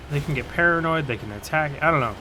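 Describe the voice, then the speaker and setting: A man's voice: fairly high pitch, brisk, background noise. A tired man giving casual, rambling commentary on a video game he is playing, swearing and joking at what happens on screen. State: tired, yawning. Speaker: let's play host.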